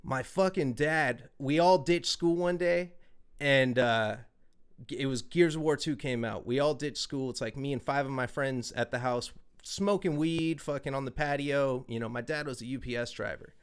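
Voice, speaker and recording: A man hosting a podcast, telling stories in a loose, profane, animated way. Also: medium pitch, normal speed, smooth. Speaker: podcast host. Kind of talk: casual chat, storytelling.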